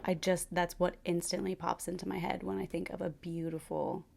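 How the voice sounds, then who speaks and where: A woman in a casual, animated chat to camera as a book reviewer, gushing over her favourite reads. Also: on the low side, brisk, creaky.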